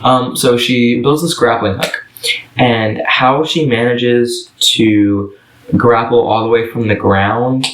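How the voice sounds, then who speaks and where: A man chatting through a casual book review, rambling and filling pauses as he goes. His mid-range voice rings around an echoey room. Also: medium pitch, fairly bright tone. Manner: rambling, with many fillers.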